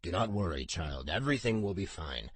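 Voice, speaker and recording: A male narrator gives voice to a soft-spoken older court official, formal and measured in his speech. He sits low and hushed, with a husky edge and gentle reassurance in every phrase. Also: very animated, no echo, full character voice. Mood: soothing.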